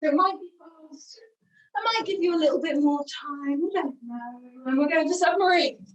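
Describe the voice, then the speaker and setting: A woman with a British accent leads a group warm-up game over a video call, moving around the room and slightly out of breath as she gives instructions. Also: high voice, normal speed, lo-fi sound. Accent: British English. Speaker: singing workshop leader. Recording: voice from a distance from the mic.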